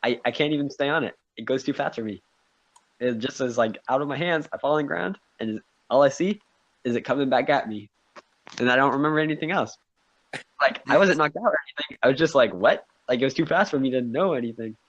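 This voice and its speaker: Husky man on a dull, lo-fi mic. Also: medium pitch, fast. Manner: animated storyteller, acts out his own reactions. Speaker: podcast co-host. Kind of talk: casual chat among friends.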